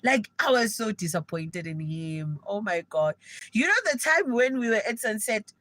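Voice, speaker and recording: A young South African woman telling an animated, gossipy story to viewers of her live stream in casual slang. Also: mid-range voice, moderate pace, poor audio. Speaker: livestreamer.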